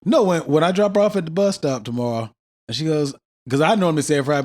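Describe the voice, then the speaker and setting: A man's voice: on the high side, expressive, quick pace, darkish tone. A man co-hosting a podcast, in a casual, joking chat full of slang and laughter. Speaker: podcast co-host.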